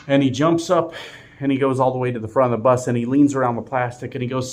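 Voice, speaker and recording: A middle-aged man, a truck driver, casually telling a story to his viewers with animated chuckles. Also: medium pitch, fast.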